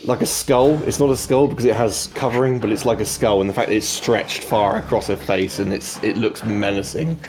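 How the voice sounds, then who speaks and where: A man narrating as game master of a tabletop game podcast, descriptive and unhurried. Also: lowish voice, steady tone, noisy background.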